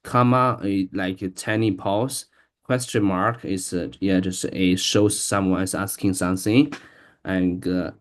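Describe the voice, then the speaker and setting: A man's voice: low voice, fairly even intonation, unhurried. A man learning English, reading aloud hesitantly, with many restarts and stumbles over words. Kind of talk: casual reading-aloud practice.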